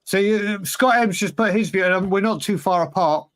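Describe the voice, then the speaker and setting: Guy, highish voice, rambling football opinions, lots of "mate". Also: moderate pace, a bit bright. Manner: rambling, restarts, emphatic opinions. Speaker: podcast co-host. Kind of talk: casual football chat.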